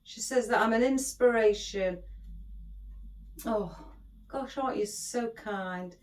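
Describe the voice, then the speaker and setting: A woman's voice: fairly high pitch, takes it slowly. A middle-aged woman chatting as she hosts a craft tutorial, rambling and affectionate toward her viewers. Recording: echoey room.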